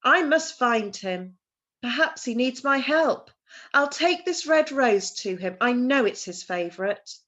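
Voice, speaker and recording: An earnest, determined young girl, as a woman puts her on speaks with a high, lively voice. Eager and pleading, she carries a storybook heroine's hope. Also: measured pace, lo-fi sound.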